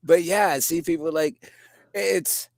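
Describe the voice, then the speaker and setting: A man's voice: fairly high pitch, steady tone, slow, vocal fry, no echo. Joking male co-host, dry sound. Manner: joking, laughs along. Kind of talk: casual live-stream banter.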